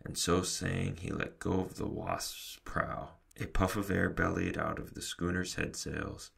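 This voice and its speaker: A man reading a children's novel aloud with steady storybook narration and a deep gravelly voice. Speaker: reader.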